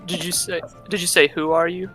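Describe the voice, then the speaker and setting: A man's voice: on the high side, flat delivery, a little fast, bright, forceful tone, faint music behind, poor audio. A man playing a tabletop game, talking eagerly and playfully to the game master. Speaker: player. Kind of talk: casual tabletop play.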